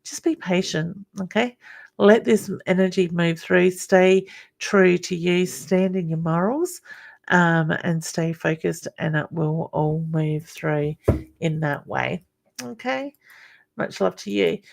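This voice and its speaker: A middle-aged woman hosts a live-stream psychic reading. Her voice carries a gravelly fry, and she talks in a soothing, motherly way, calling everyone honey. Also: fairly low pitch, takes it slowly. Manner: soothing, calls viewers honey. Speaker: psychic medium host.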